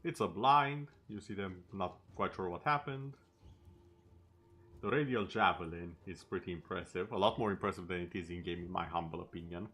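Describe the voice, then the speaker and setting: Low-voiced man chatting while gaming. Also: moderate pace, a bit bright, breathy edge. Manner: chatty, with sarcastic asides. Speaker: streamer. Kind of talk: casual gameplay chat.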